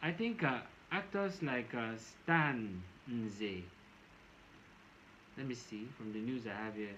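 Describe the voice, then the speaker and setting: A man's voice: medium pitch, slow, a bit bright. A Nigerian man giving casual commentary to camera, rambling and often repeating and restarting his phrases. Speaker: vlogger. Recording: dull lo-fi with faint noise.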